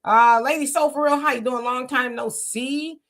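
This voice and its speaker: A woman hosting a casual livestream, greeting viewers by name and reading their comments aloud with quick agreement. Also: high-pitched, fairly even intonation, a bit bright.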